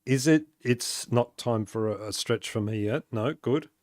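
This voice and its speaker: A man's voice: mid-range voice, measured pace, darkish tone, no room sound. An Australian man chatting casually on a live game stream, talking to viewers and laughing often. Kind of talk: casual gaming stream chat.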